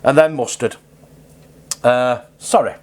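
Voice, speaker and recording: A home cook vlogger, this man talks casually and swears freely while cooking in his own video, joking and drifting off topic as he goes. He has a mid-range voice and speaks slowly.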